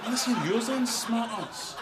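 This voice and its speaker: A raging Scottish lift passenger. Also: male voice, very high-pitched, unhurried, over a noisy crowd. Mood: mocking. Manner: sarcastic, increasingly irate. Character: stubborn Scottish man stuck in a lift. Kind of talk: TV comedy sketch. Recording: roomy, distant playback with noise.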